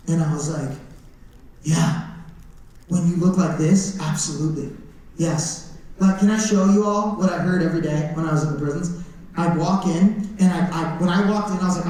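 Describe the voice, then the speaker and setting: A man gives a comedic talk in a school theater, storytelling with animated energy and acting out other people's voices. His voice sits fairly high. The sound comes from far off, with heavy echo from the hall. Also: moderate pace.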